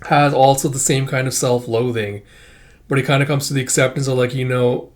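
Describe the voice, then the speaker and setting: A man's voice: mid-range voice, flat delivery, a little fast. A man talking through his thoughts on a comic book in casual reaction commentary, rambling with heavy filler words and casual swearing. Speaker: comic reviewer.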